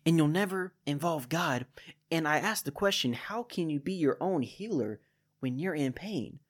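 A young adult man hosting a Christian podcast, telling a personal story and building to emphatic preaching. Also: fairly high pitch. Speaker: podcast host. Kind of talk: devotional podcast talk.

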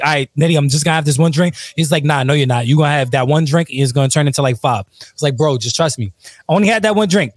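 Rapper guy telling stories, slangy, laughs a lot, kinda high voice, dry sound. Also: dry recording. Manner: animated, laughing, profane slang storyteller. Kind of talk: casual storytelling chat.

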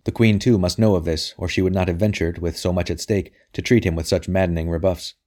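A man narrating a novel as an audiobook reader, in a steady, even delivery. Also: sits low, quick pace. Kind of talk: scripted narration.

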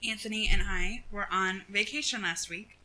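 A young woman co-hosting a casual chat, telling a story in an animated way and acting out what people said. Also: mid-range voice, normal speed, poor audio. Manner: animated storyteller, acts out quotes, laughs often. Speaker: podcast co-host.

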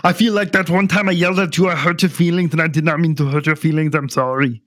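A man putting on a deliberately poor impression of a muscular action-star man, delivering over-earnest, sentimental lines as a podcast bit. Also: fairly high pitch, steady tone, a bit bright, lightly acted.

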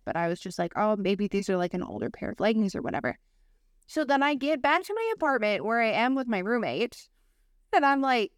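Brief: young adult woman podcast co-host, very animated pitch, casual and profane, dry close mic. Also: quick pace, dry recording. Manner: lively, swears freely, acts out quoted voices. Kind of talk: casual storytelling chat.

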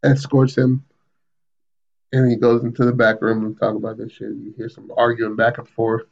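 Casting: male podcast co-host, animated storyteller who jumps into character voices, medium pitch, muffled lo-fi recording. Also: normal speed, vocal fry. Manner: animated retelling, acts out quotes with raised pitch. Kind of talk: casual storytelling chat.

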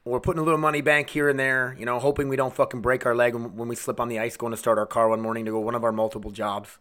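A man hosting a solo podcast, ranting angrily with constant swearing, swinging between shouted outbursts and low mutters. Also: level tone, racing. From United States. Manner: angry, swearing constantly, heated. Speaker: podcast host.

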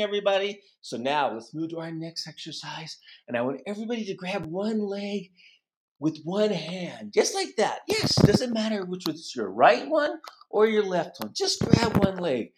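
Man, kids' gymnastics teacher, bouncy up-and-down pitch, cheerful praise, playful counting, animal noises. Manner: animated, encouraging, sing-song counting. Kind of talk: playful kids' class role-play.

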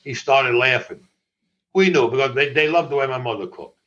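An older man telling stories in an interview, animated, laughing often and swearing freely. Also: medium pitch, moderate pace, dull audio. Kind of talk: storytelling in conversation.

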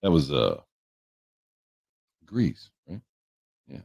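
A man's voice: rumbling low, huge pitch swings, drawn-out words, creaky, darkish tone, breathy edge, no echo. A man hosting a livestream, chatting casually and joking as he greets viewers by name. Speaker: livestream host. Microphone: headphones on a livestream setup.

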